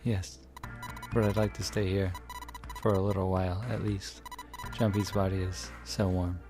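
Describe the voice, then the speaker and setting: A man voicing a terrified young woman in a game reading, shrieking in falsetto and then speaking in a trembling hush. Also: level tone, normal speed, music in the background. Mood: tearful, hushed.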